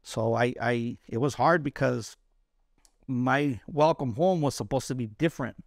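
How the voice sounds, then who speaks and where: A man with a gravelly voice, recorded dry and close, tells his story as a guest on a candid interview. He is from East Los Angeles and talks bluntly and profanely, often stumbling over repeated words. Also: mid-range voice, measured pace, no room sound. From East Los Angeles, USA. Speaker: interview guest, Army combat veteran.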